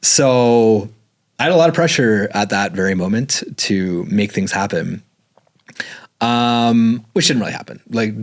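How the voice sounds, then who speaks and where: A man telling stories casually in an interview, rambling and full of "like" fillers. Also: on the low side. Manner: rambling, filler-heavy, says "like" often; animated when retelling dialogue. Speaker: guest.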